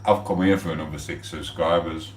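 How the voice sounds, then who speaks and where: Deep-voiced, rambling man in his forties. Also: fairly even intonation, brisk, slight background noise. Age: 40s. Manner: rambling, chatty, swears freely. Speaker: livestreamer. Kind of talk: casual live-stream chat. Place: home kitchen. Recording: roomy echo, distant from the mic.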